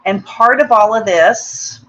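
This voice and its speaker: Woman, webinar host, earnest motivational talk, mid pitch, muffled lo-fi audio. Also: takes it slowly, fairly bright tone. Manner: earnest and personal, repeats words, checks in with "okay?".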